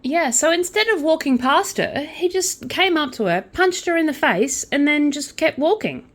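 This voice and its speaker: A young woman runs a casual channel about crochet and true crime, reading news items aloud and adding chatty asides, sometimes counting quietly under her breath. Her voice sits high and is expressive, moving at normal speed.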